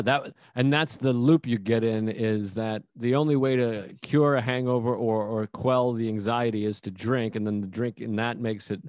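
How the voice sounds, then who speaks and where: A man's voice: medium pitch, dry recording. A man speaks frankly and animatedly, swearing freely as he chats. His voice sits in a middle register, and the sound is dry and close with no room to it. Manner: candid, profane, animated. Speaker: comedian. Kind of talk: casual chat.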